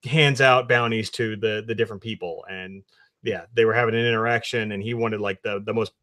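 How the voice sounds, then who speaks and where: A man's voice: fairly low pitch, steady tone, brisk, bright, forceful tone. A man co-hosting a podcast, chatting casually and enthusiastically, swearing often. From New Jersey. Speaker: podcast co-host. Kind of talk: casual chat.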